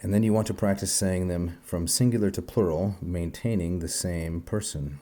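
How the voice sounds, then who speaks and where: A low, mellow male voice gives a recorded Greek lesson. He explains terms carefully and drills word endings aloud in a methodical rhythm. The tone stays calm and instructive throughout. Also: moderate pace, hardly any pauses. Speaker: Greek teacher.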